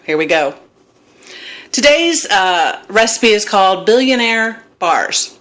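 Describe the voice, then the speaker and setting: A middle-aged woman rambles through a casual cooking vlog shot on her phone in her own kitchen, poking fun at herself along the way. She has a mid-range voice with big pitch swings, talks slowly, and the sound is a bit bright.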